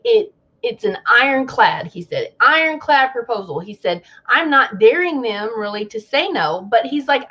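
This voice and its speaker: A woman's voice: sits high, highs cut off. A woman hosting a casual live travel chat, telling news as a story and acting out the people she quotes.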